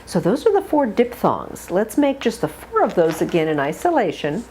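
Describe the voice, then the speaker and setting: A woman teaching a pronunciation lesson, modeling long drawn-out words and giving short coaching tips. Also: mid-range voice, very animated, a little mellow, slight background noise. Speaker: accent coach.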